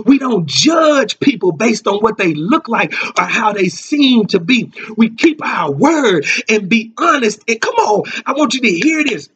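A man's voice: high-pitched, a bit bright, a little hiss or hum. A man, a minister, preaching an online Bible lesson, emphatic and repeating his key lines while urging listeners on.

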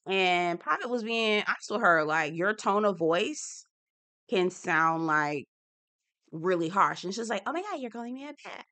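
Chatty woman with a bright voice recapping reality TV. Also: on the low side. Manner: chatty and opinionated, slangy, acts out quotes. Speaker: TV recap host. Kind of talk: casual reality-TV recap commentary.

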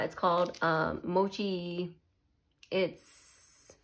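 A woman's voice: medium pitch, fairly bright tone. A woman chatting casually while tasting snacks, murmuring and laughing as she eats. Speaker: snack reviewer.

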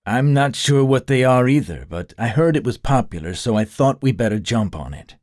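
A man's voice: mid-range voice, lively intonation, moderate pace, a little mellow, no echo, studio quality, voice pushed up, close to an everyday voice. A man doing Kyle, a wisecracking ex-cop detective. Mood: confident. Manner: joking, prodding.

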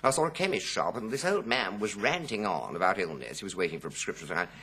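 A man's voice: fairly low pitch, lively intonation, quick pace, pushed and bright, husky. Theatrical man spinning anecdotes. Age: 50s. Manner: theatrical storyteller, jumping into voices. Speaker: guest. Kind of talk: anecdotal chat show talk.

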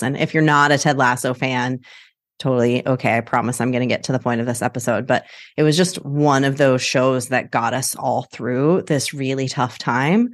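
A woman hosting her own podcast, her voice sitting low for a woman. She talks in a chatty, animated way and breaks into laughter often as she goes. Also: no echo, clean studio sound. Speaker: podcast host. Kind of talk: casual solo podcast talk.

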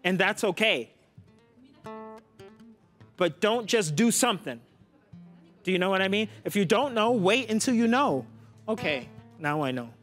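A dance coach with a high, light voice takes his time with every word. He coaxes his students along and keeps checking in with a quick "yeah?". Soft music plays faintly in the studio behind him. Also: animated. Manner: coaxing, repeats "yeah?" to check understanding.

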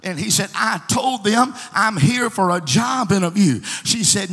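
A man's voice: high-pitched, expressive, moderate pace, hardly any pauses, pushed and bright, breathy edge. A man preaching a storytelling sermon, acting out the people he quotes. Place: church sanctuary. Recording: church hall reverb with faint music.

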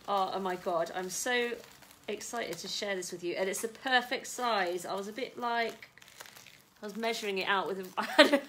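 A woman chatting excitedly at home on a casual live stream, swearing now and then. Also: mid-range voice, noisy background. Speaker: vlogger.

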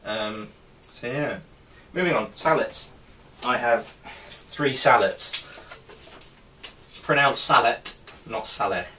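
A man's voice: medium pitch, slow, bright, forceful tone. A man giving a casual show-and-tell of his helmet collection, talking hesitantly with many ums and restarts. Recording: distant mic with faint background noise.

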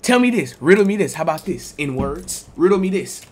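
Animated young man telling a story live. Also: fairly high pitch, brisk. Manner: animated, swings into loud exclaims, talks to chat; slangy and profane. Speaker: streamer. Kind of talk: casual live-stream storytelling. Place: bedroom at home.

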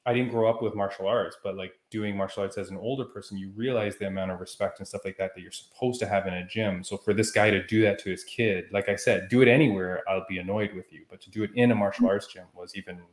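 A man with a fairly low voice tells a story on a podcast with rising heat and animation. His voice carries a noticeable echo from the room around him. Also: steady tone, fast, hardly any pauses. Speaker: podcast co-host. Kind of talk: casual chat.

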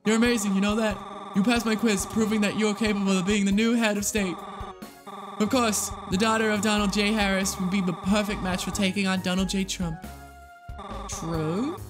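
A gushing political flatterer in a game, as a streamer puts it on. Sweet and overly earnest, heaping praise with breathy warmth. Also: female voice, medium pitch, normal speed, music in the background, lightly acted. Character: gushing campaign figure praising the chosen woman.

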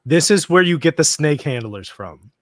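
Higher-voiced man hosting with dry sound. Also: normal speed, dry recording. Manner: animated, laughs often. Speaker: host. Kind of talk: casual chat.

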